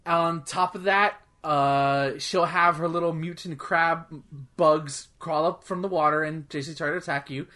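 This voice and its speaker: A man's voice: fairly high pitch, fairly even intonation, normal speed, hardly any pauses, bright, forceful tone. A man co-hosting a podcast, chatting casually about video games, rambling with lots of "like" and swearing freely. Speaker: podcast co-host. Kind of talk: casual gaming chat.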